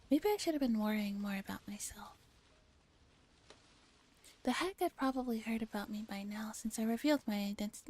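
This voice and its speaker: Soft-whispering young woman reading a story. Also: a little high. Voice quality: sounds like a valley girl. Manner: soft unvoiced whisper, calm steady reading. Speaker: streamer reading a visual novel. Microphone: close ASMR microphone.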